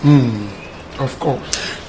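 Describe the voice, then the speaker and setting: An actor playing a lovestruck young Nigerian man who laughs and teases his friend in an animated way. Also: medium pitch, drawn-out words. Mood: playful. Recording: noisy background ambience.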